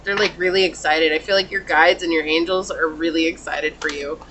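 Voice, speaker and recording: A woman giving a pick-a-card tarot reading in a chatty, reassuring and enthusiastic way, murmuring soft questions while she draws cards. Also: sits low, fairly even intonation, brisk, noisy background. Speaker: tarot reader.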